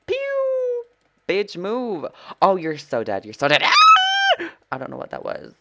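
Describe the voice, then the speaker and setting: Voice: medium pitch, very animated, normal speed, creaky, slight background noise. A gameplay streamer giving live commentary, full of sassy trash talk, swearing and dramatic gasps.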